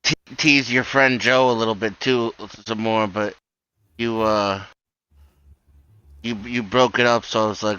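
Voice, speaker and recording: A man's voice: fairly low pitch, steady tone, a little slow, long pauses, sharp tone, clear, resonant tone, dull audio. A man calling into a livestream, chatting casually and teasing with easy laughs. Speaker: guest caller on the stream. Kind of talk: casual chat.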